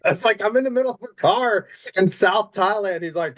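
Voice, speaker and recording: Relaxed male podcast co-host. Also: sits high, fairly quick, hardly any pauses, lo-fi sound. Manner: relaxed, conversational storytelling. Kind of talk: casual chat.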